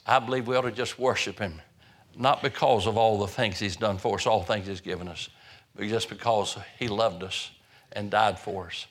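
A man's voice: on the low side, steady tone, normal speed. An older man preaching a sermon in a folksy way, often repeating words and restarting phrases.

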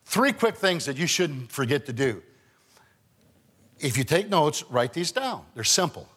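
A man's voice: sits high, a bit bright, long reverb tail. A male pastor preaching a sermon in church, with emphatic rising calls and call-and-response to his congregation. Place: church sanctuary.

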